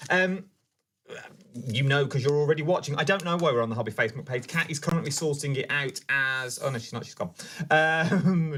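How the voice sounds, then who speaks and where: A man's voice: a little high, fairly bright tone, a little hiss or hum. A man hosting a live craft stream, chatting casually and playfully with his guest and reading viewer messages aloud. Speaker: host.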